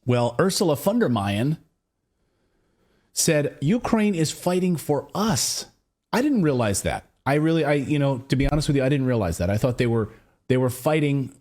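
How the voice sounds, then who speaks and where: An American man hosting a political commentary show in a sarcastic, animated, mocking manner. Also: medium pitch, moderate pace. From United States. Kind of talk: opinion commentary.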